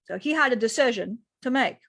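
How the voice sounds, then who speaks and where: A woman's voice: fairly high pitch, animated, fairly quick, creaky, a bit bright, no room sound. A woman, a spiritual teacher, who tells a channeled story in an earnest, rambling way. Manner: earnest, rambling retelling with frequent "he said".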